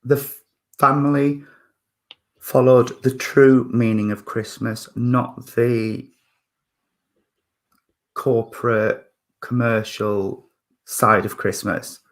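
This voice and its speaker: A man working as a spiritualist medium at a church service, talking gently and hesitantly with many fillers, restarts and apologies. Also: mid-range voice, fairly even intonation, slow pace, long pauses.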